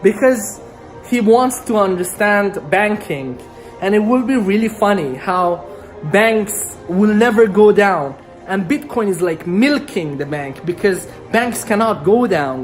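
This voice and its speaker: A woman from Iran talking casually to camera about business, rambling and joking, tagging lines with "okay?". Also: mid-range voice. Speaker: vlogger. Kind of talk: casual motivational monologue to camera.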